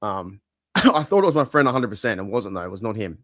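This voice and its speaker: A man rattles through rambling stories at a fast clip, swearing freely as he goes. The sound is close and dry, with no room around it. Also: on the low side, very animated, no echo. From Australia. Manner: rambling storyteller, swears casually. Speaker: podcast co-host. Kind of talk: casual chat.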